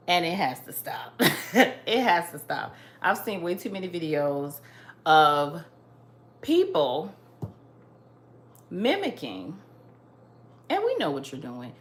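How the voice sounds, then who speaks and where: A woman delivers an emphatic opinion monologue with a lively, swooping pitch and an unhurried pace. She lectures her listeners and hammers each point by repeating it. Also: roomy sound. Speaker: host.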